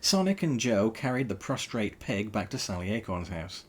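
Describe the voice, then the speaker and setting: A man reads a storybook aloud, narrating with dry wit. His voice is low and husky, and it rises and falls with plenty of life. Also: very animated, normal speed. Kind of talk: animated live read-aloud of a novel.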